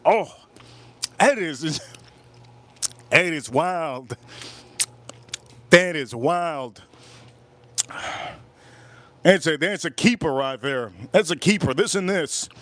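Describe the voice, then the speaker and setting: A man's voice: on the high side, lively intonation, drawn-out words, long pauses, a bit bright, a little hiss or hum. A man hosting a casual livestream review of cigars and whiskey, enthusiastic, laughing often and repeating his words.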